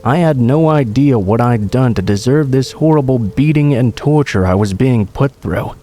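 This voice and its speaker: A man tells a true horror story in scripted narration. His voice is mellow and dark, sitting at a middle pitch, and his delivery stays calm and steady throughout. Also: a little hiss or hum.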